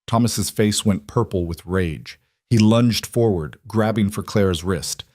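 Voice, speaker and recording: A man narrates a frontier story in an even, dramatic manner. His voice is fairly low and recorded dry and close. The delivery suits a western audiobook. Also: measured pace, no room sound.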